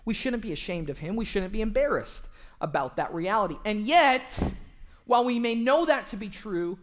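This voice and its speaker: A young man preaching an evangelistic sermon in a church, joking with the congregation and breaking into shouts for emphasis. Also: sits high, normal speed. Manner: animated, joking, bursts into shouting.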